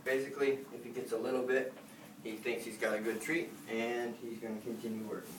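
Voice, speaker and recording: A man working as a dog trainer, explaining the training casually while he works, relaxed and rambling with many fillers. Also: mid-range voice, fairly quick. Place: indoor dog facility. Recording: roomy, distant camera sound, noisy.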